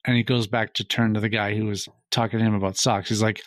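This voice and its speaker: This podcast co-host is a middle-aged man from Minnesota with a mid-range voice and a fairly quick pace, recorded dry with no room sound. His casual storytelling is lively, and he performs the other characters' dialogue as he recounts the anecdote.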